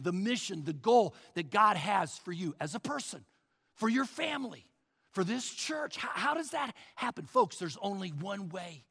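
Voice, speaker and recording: Bright, gravelly pastor preaching in a hall. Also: male voice, high-pitched. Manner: preaching with dramatic swings from loud calls to hushed near-whispers. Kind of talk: sermon. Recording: long hall reverb.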